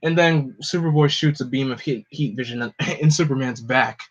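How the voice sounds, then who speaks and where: A man's voice: fairly high pitch, moderate pace. A man casually narrating a toy superhero play with offhand asides. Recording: dull lo-fi recording.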